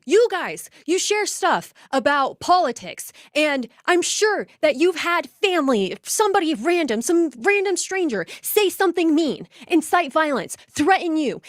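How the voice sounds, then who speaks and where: Female host, high pitch, mocking emphatic commentary. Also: no room sound, studio quality. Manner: sarcastic, emphatic, mocking asides. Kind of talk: commentary on played clips.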